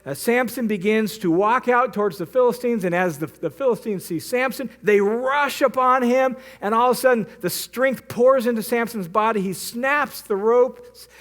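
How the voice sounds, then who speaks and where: A man's voice: very high-pitched, moderate pace, fairly bright tone. A male pastor preaching a sermon, retelling a story vividly and acting out the characters' lines. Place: church.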